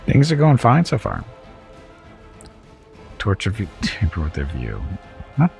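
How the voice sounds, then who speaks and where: A man's voice: on the low side, wildly swooping pitch, measured pace, vocal fry, darkish tone, soft background music. A man streaming a video game, chatting casually with viewers and making wry, chuckling asides. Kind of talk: casual let's-play commentary.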